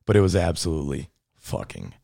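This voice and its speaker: A young man with a deep, low voice co-hosting a podcast. He talks loosely, swears freely and circles back over his own points. The sound is dry and close. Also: sing-song, fairly quick, gravelly, mellow, dry recording. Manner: loose, swears a lot, repeats himself. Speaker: podcast co-host. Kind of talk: casual podcast chat.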